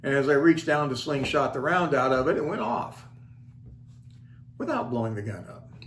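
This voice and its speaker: On his own video channel, an older man tells stories casually and folksily, poking fun at himself with dry, wry wit. His mid-range voice is expressive and a bit bright, delivered at a normal pace. It echoes around the room over faint ambience and slight background noise.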